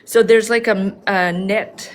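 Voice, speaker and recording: A woman's voice: medium pitch, fairly even intonation, slow pace, slight background noise. A woman guest on a live stream, chatting casually and telling long, rambling stories. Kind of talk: casual chat.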